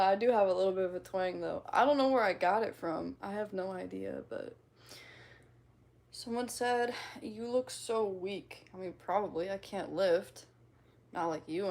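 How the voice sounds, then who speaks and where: Giggly Midwestern woman with vocal fry. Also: mid-range voice, a little mellow. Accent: slight Midwestern twang. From American Midwest. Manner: giggly, playful, self-teasing. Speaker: streamer. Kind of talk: casual livestream chat reading comments.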